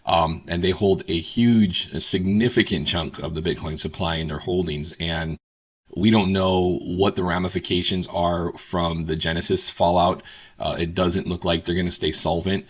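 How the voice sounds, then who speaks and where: A man's voice: deep voice, moderate pace. A man co-hosting a market show, talking casually with many fillers. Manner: relaxed, many fillers like um and you know. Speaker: co-host.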